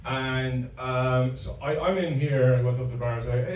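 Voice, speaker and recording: A man doing a rambling, profane stand-up comedy set, stalling often with halting fillers. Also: medium pitch, steady tone, a little mellow. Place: comedy club room. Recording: echoey room, distant mic, faint ambience.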